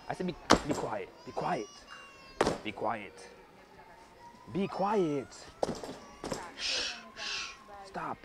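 A man hosting a prank video, talking in loud, slangy, playful bursts and laughing often. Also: mid-range voice, big pitch swings, slow pace, long pauses, noisy background. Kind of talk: hidden-camera prank banter.

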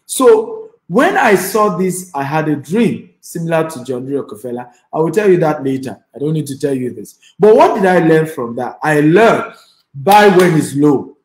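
A man's voice: on the high side, very animated, moderate pace, reverberant, poor audio. A man with a Nigerian accent giving an online class as a real estate investor and trainer. He speaks emphatically and repeats phrases, and he urges the audience to type replies.

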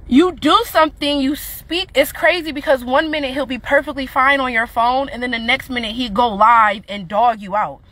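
A young woman with a high, bright voice lets loose in a heated livestream rant. She mocks and swears, breaking into scornful laughter as she goes. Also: fairly even intonation, normal speed, hardly any pauses. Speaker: livestreamer responding to her child's father.

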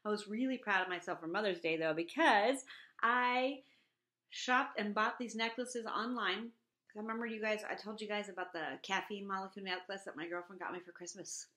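Chatty woman with a bright voice. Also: fairly quick, reverberant. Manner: chatty and animated, acting out quotes in a high voice. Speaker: vlogger. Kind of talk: casual chat. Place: home.

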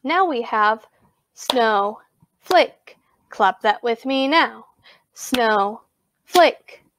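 A woman teaching a virtual music lesson to young children, giving slow, clear instructions. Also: fairly high pitch, lively intonation, a bit bright, a little hiss or hum.

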